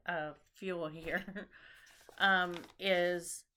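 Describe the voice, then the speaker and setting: A woman chatting casually as a knitting show host, tired and a bit scattered. She talks at an unhurried, slow pace, rambling and pausing with ums and restarts. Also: on the low side, fairly even intonation, bright, forceful tone, slight background noise. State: tired after a long trip. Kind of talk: casual chat about knitting projects.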